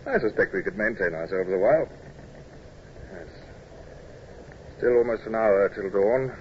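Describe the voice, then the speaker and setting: A man's voice: fairly low pitch, dull audio, lightly acted. A man playing a dry, wry naval commodore. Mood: musing. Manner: dry, measured, officerly. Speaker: commodore and first-person narrator. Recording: old radio recording with hiss.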